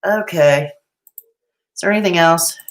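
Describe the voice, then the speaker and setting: A woman's voice: on the low side, measured pace. A woman hosting a live commentary stream, reading chat aloud in a sarcastic, chatty way and laughing often. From Canada. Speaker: commentary livestream host.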